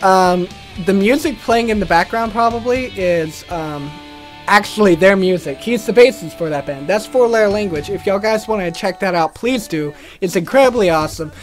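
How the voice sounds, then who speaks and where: A man's voice: high voice, normal speed, faint music behind. A young man hosting a casual video, telling a rambling story and swearing freely. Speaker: gaming channel host.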